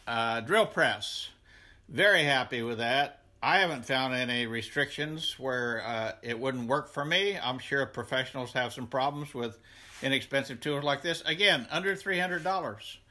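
A man's voice: medium pitch, bright, forceful tone. Folksy Southern man touring his garage workshop. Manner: rambling, folksy, many "uh" pauses. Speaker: woodworking hobbyist giving a workshop tour. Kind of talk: casual tool tour. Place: home garage workshop and driveway.

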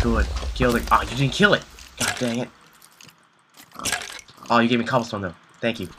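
A man's voice: medium pitch, fairly even intonation, moderate pace, long pauses, noisy background. A young man commentating his own video game play, panicky and talking to himself, repeating words in frantic bursts. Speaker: gameplay commentator. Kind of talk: live gameplay commentary.

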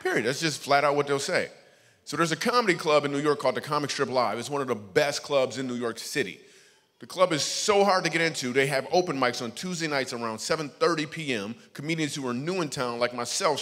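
A man doing stand-up storytelling as a guest comedian, lively, acting out the voices of people in his stories. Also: mid-range voice. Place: church stage before a live audience. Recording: echoey church hall.

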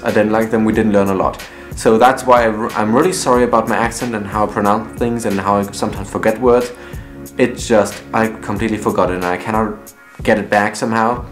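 A young man, talking earnestly and reflectively in a casual personal vlog, often restarting his sentences. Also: on the low side. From Germany, raised partly in the US. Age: young adult. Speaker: vlogger. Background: faint laid-back guitar music.

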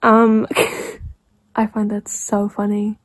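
A woman chatting casually in a reading vlog, rambling and excitable, swearing freely and sometimes dropping to a hushed near-whisper. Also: medium pitch, drawn-out words, no room sound. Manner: drops to a hushed near-whisper late at night. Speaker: book vlogger.

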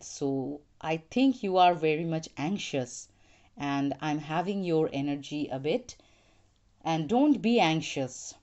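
A woman giving a tarot card reading to a viewer, speaking in an unhurried, reassuring way. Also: sits low, animated, darkish tone. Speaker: tarot reader.

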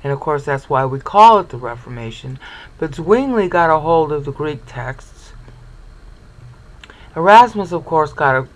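A man with a voice a little higher than most lectures on scripture in a meandering, explanatory way. He keeps stopping to check that the listener is following, then carries on walking through his points. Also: lively intonation, measured pace, rough recording. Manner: discursive, checks in with "okay?". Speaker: Bible teacher. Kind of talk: explanatory Bible study lecture.

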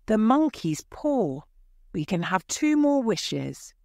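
A woman's voice: medium pitch, sing-song, unhurried, no echo, voice pushed up. Storybook mother, grieving and desperate, insisting urgently, read by a woman narrator; dry, close sound. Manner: urgent, pleading.

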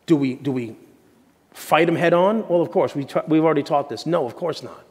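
A man preaching a sermon as pastor, animated and jokey, with sudden shouts and hushed asides. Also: fairly high pitch, fairly quick, big-room sound. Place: church sanctuary.

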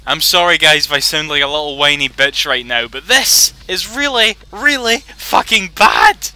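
A man's voice: a little high, animated, moderate pace, sharp tone, clear, resonant tone. A man giving let's play commentary over a boss fight, frustrated and rambling, with lots of swearing. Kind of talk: gaming commentary.

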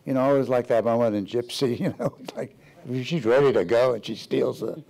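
An older man, a playwright on a panel, tells career anecdotes on a theater stage before an audience. His mid-range voice is gravelly and warm, a little fast, and he's hesitant, full of fillers, often breaking into laughter.

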